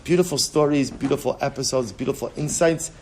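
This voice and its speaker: Earnest rabbi teaching a Talmud class. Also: male voice, medium pitch, a little fast, background noise. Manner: reads Aramaic phrases then translates, repeats key lines for emphasis; rises in intensity when driving home a point. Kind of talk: Talmud lesson, explaining text aloud.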